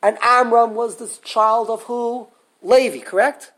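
A man with an extremely high-pitched voice teaches a live Torah class at an unhurried pace. He is animated, fires many questions at his students, and often restarts his sentences.

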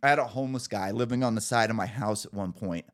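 A man in his thirties, a podcast host telling stories in casual chat, animated, laughing often and swearing casually. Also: on the low side, fast.

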